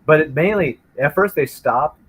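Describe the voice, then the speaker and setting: A man chatting casually and telling animated childhood stories, acting out voices of his family. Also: on the high side, moderate pace, slight background noise, low-quality recording. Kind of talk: casual chat.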